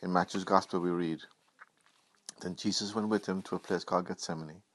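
A man preaching a Good Friday sermon, reading scripture in an earnest, measured way. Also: deep voice, steady tone, fairly bright tone.

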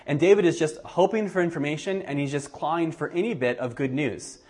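A man preaching a sermon, reading scripture aloud and acting out the quoted speakers with animated shifts in voice. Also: brisk. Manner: animated, acts out quotes with rising pitch. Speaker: pastor.

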